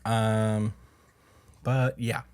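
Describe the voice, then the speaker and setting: Dude hosting a podcast, recapping a comic chapter, swears a lot, laid back, chuckles here and there. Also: male voice, fairly low pitch, level tone, drawn-out words, darkish tone, clear, resonant tone. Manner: loose and profane, chuckles while recapping. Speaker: podcast host. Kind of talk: casual chat recapping a manga chapter.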